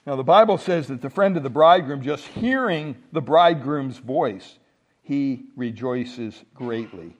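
A man's voice: mid-range voice, animated, measured pace, lo-fi sound. A man preaching a sermon with emphasis, asking the congregation rhetorical questions. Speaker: pastor.

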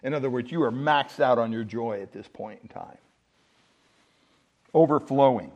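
A man's voice: medium pitch, moderate pace, a little mellow, dull audio. A man preaching a sermon with emphasis, asking the congregation rhetorical questions. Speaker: pastor.

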